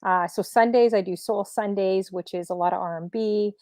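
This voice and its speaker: Chatty woman DJ, a little hoarse. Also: medium pitch, steady tone, moderate pace, warm tone, no echo, studio quality. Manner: upbeat, chatty, many fillers. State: slightly losing her voice. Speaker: streamer DJ guest. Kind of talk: casual interview chat.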